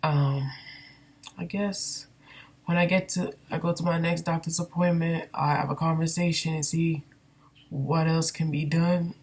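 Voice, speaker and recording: A woman's voice: low voice, fairly even intonation, unhurried, darkish tone, husky. A woman candidly venting in a personal vlog, rambling and emotional with many fillers, recorded on a built-in computer microphone. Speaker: vlogger.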